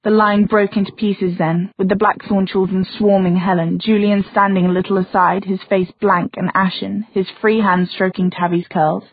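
A woman's voice: medium pitch, flat delivery, moderate pace, hardly any pauses, dry recording. Woman narrating over a thin phone-like line. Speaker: audiobook narrator. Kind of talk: scripted fantasy narration. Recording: dry, phone-like narrow sound.

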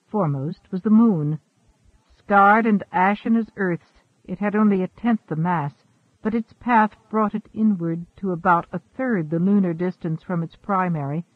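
A man reading a science fiction story aloud as an audiobook narrator, in a measured way, lightly voicing the characters. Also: sits high, no echo. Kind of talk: scripted narration. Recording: tinny phone-like sound.

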